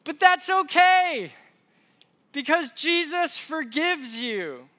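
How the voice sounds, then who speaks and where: A man doing a shouting little girl. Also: very high voice, sing-song, slow pace, pitched above the performer's own voice, full character voice. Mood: yelling. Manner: loud shouted calls from another room. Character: excited four-year-old girl yelling.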